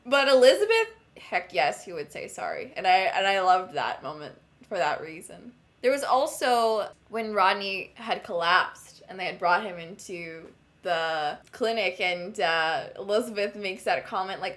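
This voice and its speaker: A woman's voice: medium pitch, animated, moderate pace, few pauses, a bit bright. A woman co-hosting a fan podcast in casual chat, enthusiastic and giggly, quoting characters. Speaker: podcast co-host.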